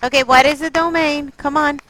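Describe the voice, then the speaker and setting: A woman's voice: high-pitched, fairly even intonation, brisk, a bit bright, no room sound, rough recording. A woman math teacher leading a classroom lesson, quizzing her students and coaxing answers out of them. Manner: coaxing, quizzing students, exasperated then apologetic.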